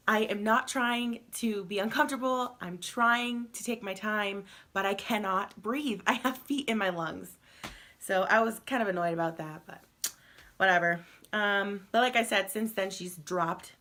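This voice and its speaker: A heavily pregnant young woman talking casually in a home vlog, chatty and rambling, laughing often and filling pauses with "um" and "like.". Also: medium pitch, pushed and bright. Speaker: vlogger.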